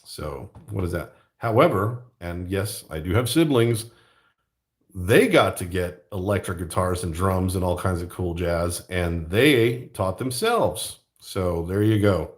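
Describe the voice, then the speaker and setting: A man's voice: sits low, expressive, a little slow. A middle-aged man hosting his own channel, rambling jokily in casual chat and laughing often. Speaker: YouTube art channel host.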